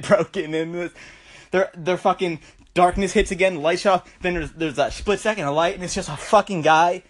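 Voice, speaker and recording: A man's voice: sits high, steady tone, fairly quick. A stoned young man hosting a podcast, telling a rambling, profane comic story into his phone. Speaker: podcast host.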